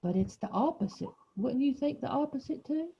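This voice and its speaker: A woman's voice: sits high, expressive, normal speed, creaky, muffled recording, background noise. A woman teacher leading a reading lesson for young children, explaining patiently and encouraging them.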